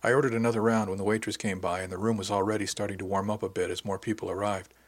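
A man reading a novel aloud in the first person, his voice sitting on the low side. The telling is dry and wry, steady and unhurried. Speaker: audiobook narrator.

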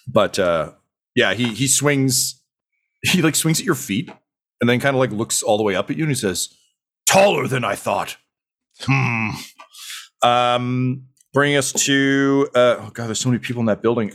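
Guy running a tabletop game, rambly, lots of ums, middle pitch. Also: a bit bright. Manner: casual, rambling, many fillers. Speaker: game master.

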